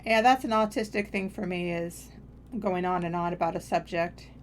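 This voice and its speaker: A woman's voice: lowish voice, fairly even intonation, moderate pace, slight background noise. A woman streaming a game, chatting casually in a meandering, self-deprecating way. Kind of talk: casual rambling chat while gaming.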